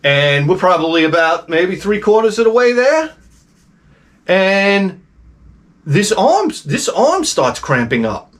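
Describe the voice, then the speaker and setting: Guy rambling thru a story, kinda high voice, swears a bit, trips over his words. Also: slow pace. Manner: rambling, animated, with swearing and restarts. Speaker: host. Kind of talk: casual personal storytelling.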